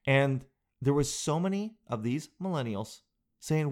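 A man comedian telling a comic monologue in an animated, profane storytelling way. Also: medium pitch, unhurried. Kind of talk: stand-up style comic monologue.

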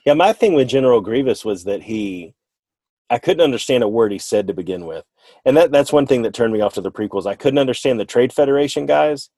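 A man's voice: medium pitch, animated, quick pace, warm tone, no room sound. Rambling man in casual chat. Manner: rambling, self-correcting, playful. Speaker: podcast co-host.

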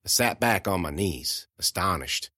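A man narrating a first-person audiobook in a folksy, conversational way, going hushed at grim moments. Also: sits low, lively intonation, a little slow, no room sound, studio quality.

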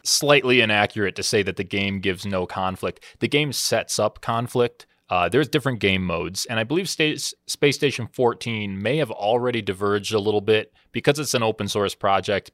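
A man's voice: on the low side, moderate pace, hardly any pauses, no room sound, clean studio sound. A man in casual podcast chat about games, telling stories animatedly and acting out what people said. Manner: animated storyteller, acts out quoted lines. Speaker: podcast co-host.

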